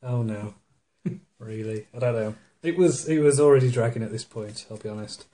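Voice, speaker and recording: Animated man mocking a film. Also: medium pitch, normal speed. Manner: animated, mocking retelling with put-on voices. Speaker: podcast co-host. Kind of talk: casual chat. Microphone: studio microphone.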